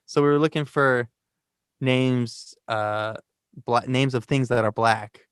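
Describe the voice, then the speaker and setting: A man's voice: mid-range voice, steady tone, takes it slowly, clear, resonant tone, dry recording, clean studio sound. A man, a singer-songwriter, talking as a podcast guest in a laid-back way, laughing and acting out the people he describes. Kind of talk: casual conversation. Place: New York.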